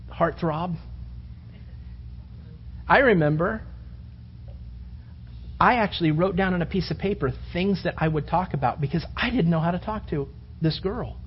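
A middle-aged man preaching a humorous sermon, acting out little scenes in quieter voices. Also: high-pitched, normal speed, pauses often, slight background noise. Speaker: pastor. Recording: dull sound with long reverb in a hall.

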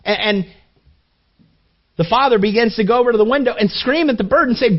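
Husky high-voiced male preacher. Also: brisk, long pauses. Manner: earnest, repeats words as he builds. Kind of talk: sermon storytelling. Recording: dull lo-fi recording.

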